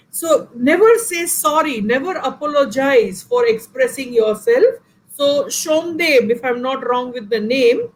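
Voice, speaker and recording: An Indian woman with a high voice gives an earnest, emphatic talk as a guest professor. She answers audience questions and speaks straight to her listeners. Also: a bit bright, low-quality recording.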